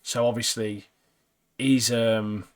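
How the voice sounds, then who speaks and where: A man's voice: lowish voice, little pitch movement, takes it slowly. A young man, co-hosting a podcast, chatting casually, laughing often and saying "mate" a lot. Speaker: podcast co-host. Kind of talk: casual chat.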